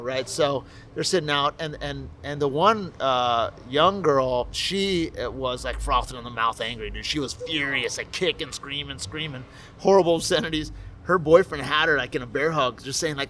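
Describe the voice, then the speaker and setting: A man who owns a brewery, telling stories casually in an interview, relaxed and profane, laughing as he talks. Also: a little high, normal speed, slight background noise. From Miami, USA. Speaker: brewery owner, interview guest. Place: his brewery.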